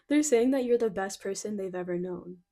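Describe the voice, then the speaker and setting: A young woman doing a casual intuitive card reading, excitable and giggly, gushing and a bit flustered, full of "like" fillers. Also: mid-range voice. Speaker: tarot card reader.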